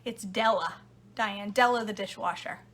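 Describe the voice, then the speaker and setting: A middle-aged home cooking vlogger chats casually in her kitchen while making drinks, laughing often and talking to her live viewers. Her voice is medium-pitched and fairly bright at a moderate pace, with a little hiss or hum.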